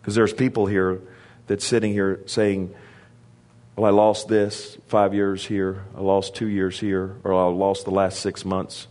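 A man's voice: little pitch movement, a little slow, darkish tone. A man preaching a sermon, calling for responses from the congregation and raising his voice for emphasis, with casual asides in between. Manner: call-and-response preaching, rises in pitch for emphasis; conversational asides and restarts.

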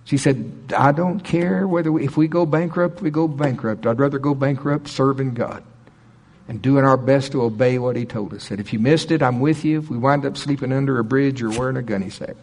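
A middle-aged man preaching, telling a story in an animated way and acting out quoted people with a raised voice. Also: medium pitch, brisk. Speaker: pastor. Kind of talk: sermon storytelling.

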